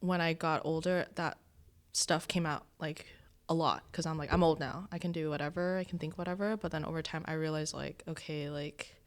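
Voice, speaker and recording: A woman's voice: sits low, steady tone, fairly quick. A young woman with a Californian accent, reflecting thoughtfully in a casual podcast chat. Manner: reflective, thinking aloud.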